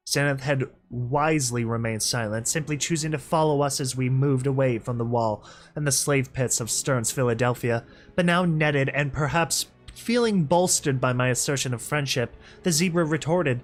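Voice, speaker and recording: A young man reading a story aloud and breaking off for excitable, laughing commentary. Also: mid-range voice, normal speed. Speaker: reader and commentator.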